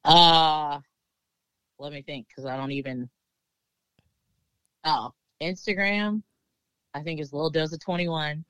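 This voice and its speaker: A woman's voice: sits low, fairly even intonation, takes it slowly, pauses often, a bit bright, clear, resonant tone, no room sound, poor audio. A woman with a Southern US accent, chatting casually as an interview guest, with many fillers and frequent laughter. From Maryland.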